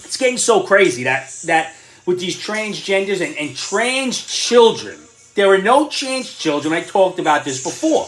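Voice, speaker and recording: A middle-aged man with an Irish accent hosting an opinion commentary show, ranting indignantly and sarcastically, often stumbling over restarts and bursting into shouting. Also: high-pitched, reverberant.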